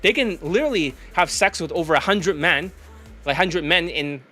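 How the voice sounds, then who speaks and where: A man's voice: on the high side, expressive, normal speed, pushed and bright, faint music behind. A man, a dating coach, ranting bluntly and profanely in a vlog monologue.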